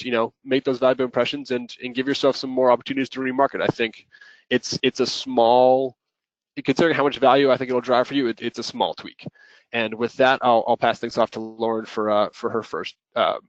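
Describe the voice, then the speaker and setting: A man's voice: medium pitch, dry recording. A man presenting a marketing webinar, explaining his advice earnestly and repeating words as he restarts. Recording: dull, dry lo-fi audio.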